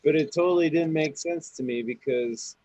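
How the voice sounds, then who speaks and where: A man's voice: fairly high pitch, normal speed, crowd noise, low-quality recording. A man chatting casually on a podcast, rambling, swearing and laughing as he talks. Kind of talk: casual chat.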